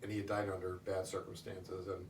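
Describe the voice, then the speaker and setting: A middle-aged man answering interview questions, telling stories in a halting way with many restarts. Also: deep voice, level tone. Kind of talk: casual storytelling in an interview. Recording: distant roomy recording with faint noise.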